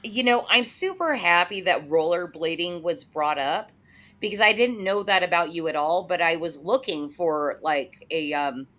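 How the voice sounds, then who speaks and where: A woman's voice: lowish voice, moderate pace, a bit bright. A woman interviewing a guest in a loose, chatty way, full of fillers and casual asides.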